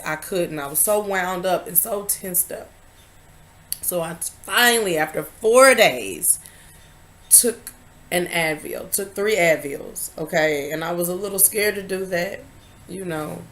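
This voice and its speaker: Speaking in a fairly low pitch, a woman vlogger recounts something personal with candor. Her delivery is emphatic yet confiding, alternating between loud emphasis and quiet asides.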